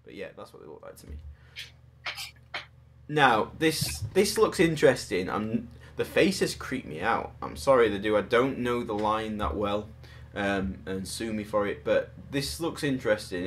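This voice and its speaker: Host, man, low-ish voice, loose rambling delivery, pokes fun at himself. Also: animated, normal speed, fairly bright tone, slight background noise. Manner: rambling, self-deprecating, jokey. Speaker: podcast host. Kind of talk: casual chat reviewing collectible statues.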